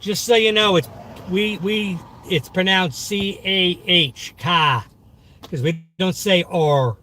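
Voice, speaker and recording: A man with a thick Boston accent chats away to his stream from the driver's seat, boastful and upbeat. His voice sits high for a man. Road and engine noise rumble clearly behind him. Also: slow, pushed and bright. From Massachusetts. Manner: chatty, talks to viewers in chat, upbeat and boastful. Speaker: delivery driver streaming live. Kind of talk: casual live-stream chat while driving. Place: inside a car in the city. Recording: noisy car interior. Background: car and road noise.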